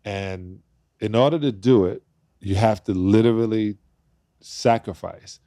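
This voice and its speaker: A man in his fifties, a podcast guest, telling animated stories and acting out the voices of the people in them. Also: lowish voice, unhurried, no echo, clean studio sound. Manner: acts out quoted voices, laughs while telling stories. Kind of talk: animated storytelling in conversation.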